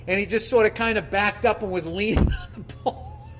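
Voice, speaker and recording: A man's voice: sits high, fairly quick, noisy background. Profane rambling middle-aged man. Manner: profane, rambling, animated storytelling with acted-out quotes. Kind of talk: casual rambling monologue.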